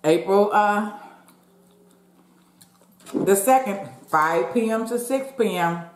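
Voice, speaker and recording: A woman's voice: mid-range voice, expressive, takes it slowly. Chatty woman eating and talking, echoey room. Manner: chatty, talks with mouth full, addresses viewers as y'all. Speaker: mukbang vlogger. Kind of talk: casual chat while eating.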